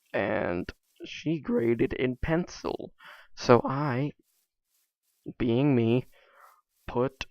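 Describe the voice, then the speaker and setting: A man's voice: mid-range voice, darkish tone, dry recording, lo-fi sound. A man vlogging alone, telling stories in a casual, rambling way full of fillers and asides. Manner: rambling, many fillers, self-interrupting asides.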